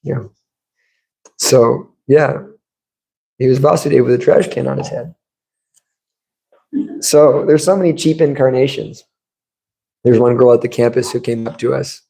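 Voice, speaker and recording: Gravelly, mellow-voiced man giving a temple class. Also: mid-range voice, steady tone, unhurried, long pauses, low-quality recording. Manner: conversational storytelling, acts out quotes. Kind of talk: sermon. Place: temple room.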